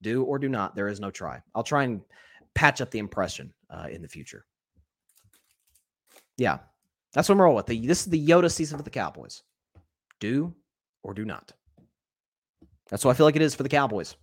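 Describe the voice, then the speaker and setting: A man hosting a live sports talk show, talking in an animated way with frequent restarts and repeated words, and reading viewer comments aloud. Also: medium pitch, moderate pace, pauses often, husky.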